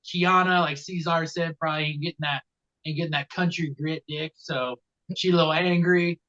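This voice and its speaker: Rambling man on a dull mic. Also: moderate pace. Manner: rambling with many uh fillers and deadpan jokes. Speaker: podcast co-host. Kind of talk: casual comedic wrestling recap. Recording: dull low-quality mic.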